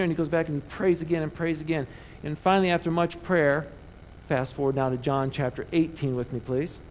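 A man preaching a sermon in church, animated, calling the congregation to answer back. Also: on the high side, a little fast, a little hiss or hum, low-quality recording. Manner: animated preaching with call-and-response. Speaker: pastor. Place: church sanctuary.

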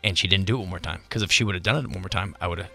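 A man in his fifties with a low but bright voice trades wry, teasing advice on a morning radio show. Faint music sits underneath. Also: fairly even intonation, very fast, creaky.

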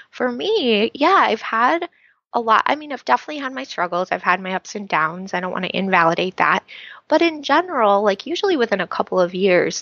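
Earnest woman with a gravelly edge. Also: medium pitch, sharp tone, dry recording, muffled recording. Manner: earnest and heartfelt, with many fillers. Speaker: author and podcast guest. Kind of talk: podcast interview conversation.

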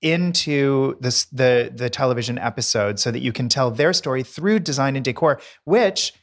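A man co-hosting a podcast in casual chat, emphatic and enthusiastic, with quick dry quips. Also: medium pitch, lively intonation. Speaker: podcast co-host, decorator.

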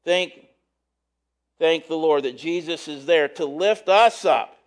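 High-voiced man preaching casually. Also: slow. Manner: relaxed, chatty asides between readings. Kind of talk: conversational sermon with scripture reading.

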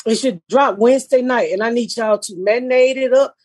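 A woman's voice: fairly high pitch, fairly quick, darkish tone, husky, dry recording. A woman hosting a podcast, talking bluntly and profanely in a brash, casual way. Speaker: podcast host.

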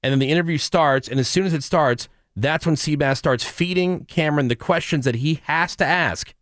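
A man's voice: a little high, normal speed, a bit bright, dry recording, studio quality. A man hosting a radio show, telling a story in casual banter and laughing often.

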